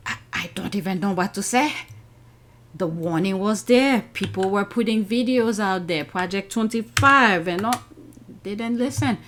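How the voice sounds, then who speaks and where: A woman hosting a podcast, chatting loosely as she reacts to clips and reads out viewer comments. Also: mid-range voice.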